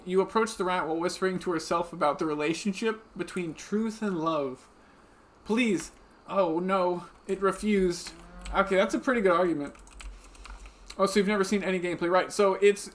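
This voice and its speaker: A man's voice: high voice, fairly bright tone. A man streaming a video game live, chatting and giggling with viewers as he plays, speaking into a desk microphone. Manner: chatty and giggly, talks to viewers while playing. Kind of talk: casual live-stream commentary.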